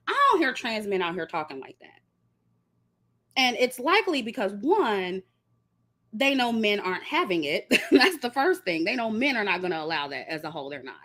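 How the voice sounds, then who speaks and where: A woman's voice: on the high side, very animated, moderate pace, a bit bright. A woman giving an emphatic opinion monologue and speaking straight to her viewers. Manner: blunt, emphatic, addresses viewers directly. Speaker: commentary vlogger.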